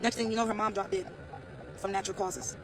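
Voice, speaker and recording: A man's voice: high-pitched, little pitch movement, fast, a crowd in the background, rough recording. A man telling a casual storytime rant to his viewers, blunt, profane and slangy, repeating phrases as he talks. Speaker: vlogger.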